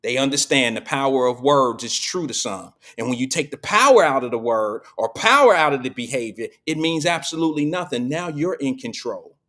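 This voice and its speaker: A man's voice: mid-range voice, expressive, fairly quick, few pauses, a bit bright. A middle-aged man hosting a live show, telling stories and preaching in a casual, slangy monologue to his audience.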